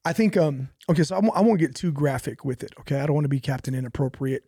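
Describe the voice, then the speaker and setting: A man's voice: on the high side, animated, fast talker, warm tone, breathy edge, no echo, clean studio sound. A young man, a pastor, talking casually about faith, telling stories animatedly with laughs and repetition.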